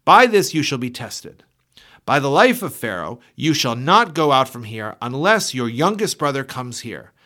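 A man's voice: medium pitch, sing-song, normal speed, sharp tone. A man reading the lines of a stern Egyptian governor in a formal, commanding way. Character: stern male Egyptian governor testing strangers.

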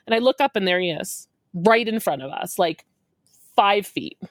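A woman in her forties telling a story in an animated way, acting out quotes and laughing often. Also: mid-range voice, moderate pace, no room sound, studio quality. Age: 40s.

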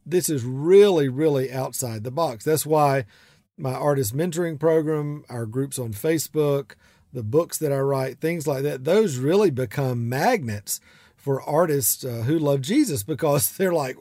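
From his studio, a South Georgia podcast host and artist mentor with a Southern accent keeps up warm, rambling, casual podcast chat, laughing and using fillers. He talks at medium pitch and a little slowly, recorded on a studio microphone with no room sound.

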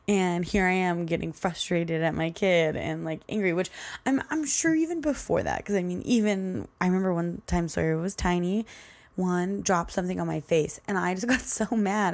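A woman's voice: fairly low pitch, gravelly, darkish tone. A young woman hosting a podcast, telling a story in a chatty, rambling way and laughing often. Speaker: podcast host. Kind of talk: casual solo podcast storytelling.

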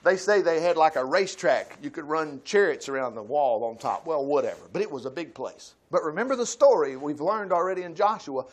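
A man teaching a Bible study sermon in a folksy way, acting out quotes with sudden loud outbursts. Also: a little high, lively intonation, brisk, hardly any pauses. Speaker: preacher.

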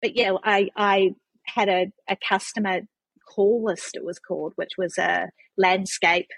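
A woman's voice: mid-range voice, fairly even intonation, unhurried, vocal fry, fairly bright tone, dry recording, low-quality recording. A woman with a New Zealand accent, a guest telling her story in a chatty, conversational way. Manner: chatty storyteller with frequent restarts and laughs. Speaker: guest, charity CEO. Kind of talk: casual conversational interview.

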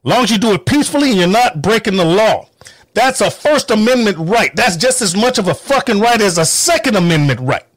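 A man with a high, swooping voice rants in anger, swearing hard and driving every point home with heated emphasis. The recording is dry and close, with no room sound. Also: lively intonation, a little fast, no echo. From North Carolina, US. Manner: mocking quoted voices. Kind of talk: angry political rant.

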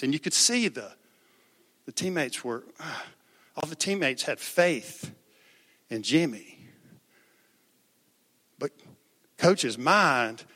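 A man's voice: fairly high pitch, fairly bright tone. A man preaching a sermon in a conversational way, asking the congregation questions and repeating words as he goes. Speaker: pastor. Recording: echoey hall.

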